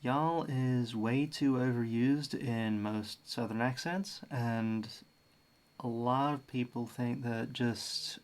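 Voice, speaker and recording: A man's voice: mid-range voice, fairly even intonation, slow. An Australian man chatting casually as host of a livestream, musing about accents. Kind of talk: casual stream chat.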